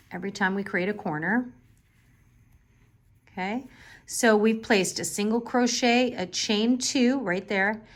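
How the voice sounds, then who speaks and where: A woman walks viewers through a crochet tutorial one step at a time. Her tone is patient and chatty, and she keeps checking in to make sure they are following. Her pitch sits in an ordinary middle range. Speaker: crochet instructor.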